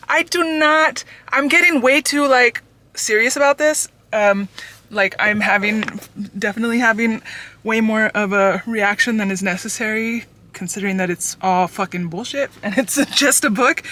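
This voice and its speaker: Young woman, bright and sharp in tone, exasperated book vlogger ranting with heavy profanity. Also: medium pitch, normal speed. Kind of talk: casual ranting book review.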